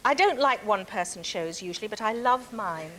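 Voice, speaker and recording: A woman's voice: mid-range voice, animated, brisk, a bit bright, poor audio. A woman guest on a chat show, bantering in a theatrical, self-mocking way. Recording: faint hiss on an old TV recording.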